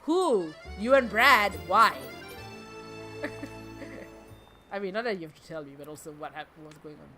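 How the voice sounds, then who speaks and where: Chatty woman streamer with lively pitch. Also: unhurried, long pauses. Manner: rambling, chatty, laughs often, swears casually. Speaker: VTuber streamer hosting a fundraiser. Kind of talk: casual live-stream chat while gaming. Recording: game music playing clearly behind.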